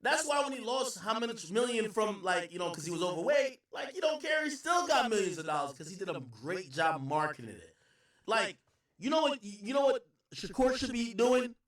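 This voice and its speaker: A man's voice: sits high, fairly quick. A man hosting a livestream, giving loose, slangy reaction commentary. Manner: animated, slangy, loose rambling talk. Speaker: livestream host. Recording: echoey, distant room sound.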